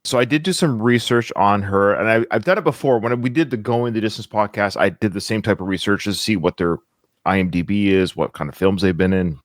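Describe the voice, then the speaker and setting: A man's voice: fairly low pitch, brisk, dry recording. Chatty male podcast host, dry sound. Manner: chatty, rambling, frequent filler "uh". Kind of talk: casual podcast chat.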